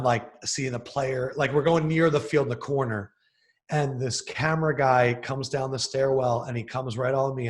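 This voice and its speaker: Speaking in a mid-range voice, this young man, who hosts sports TV around Philadelphia, trades stories in a relaxed podcast interview. He gets animated, with excited bursts.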